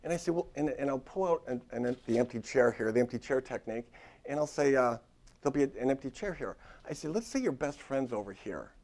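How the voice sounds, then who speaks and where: A man's voice: medium pitch, fast talker, a little mellow. A man in his fifties, a therapist giving a classroom lecture in a conversational way, often checking in with "okay?" and repeating his phrases. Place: university classroom.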